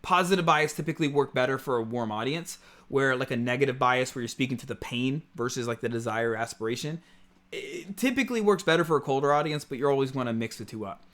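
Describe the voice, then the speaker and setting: A man's voice: mid-range voice, quick pace, fairly bright tone. A man coaching on content marketing, talking to camera in a conversational, emphatic way with frequent fillers. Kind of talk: casual teaching to camera.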